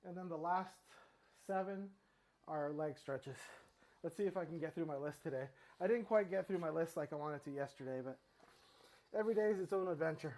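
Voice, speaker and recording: A man's voice: on the high side, fairly quick, a little mellow. Chatty middle-aged man, slightly winded. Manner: rambling, lots of fillers and restarts. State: a little out of breath. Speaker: fitness vlogger. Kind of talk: casual talk while exercising.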